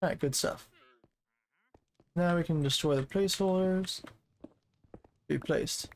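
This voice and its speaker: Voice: mid-range voice, unhurried, poor audio. A streamer casually chatting and rambling while building in a game, often counting blocks aloud.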